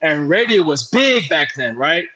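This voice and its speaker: A young man, a sports broadcaster, chatting as an interview guest and telling animated stories with plenty of fillers and restarts. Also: a little high, measured pace, slightly rough, dull audio. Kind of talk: casual interview chat.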